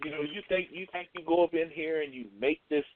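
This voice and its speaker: A man's voice: fairly high pitch, brisk, a loud crowd. A man calling in to a talk radio show, talking bluntly in street slang and restarting his thoughts. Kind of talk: casual call-in commentary. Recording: tinny dry phone line.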